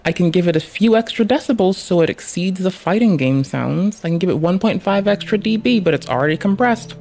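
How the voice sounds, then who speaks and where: Heated, foul-mouthed streamer, mid pitch. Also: lively intonation, fairly quick, creaky, a little mellow. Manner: heated, sarcastic, heavy swearing. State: annoyed and frustrated. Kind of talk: livestream reaction commentary.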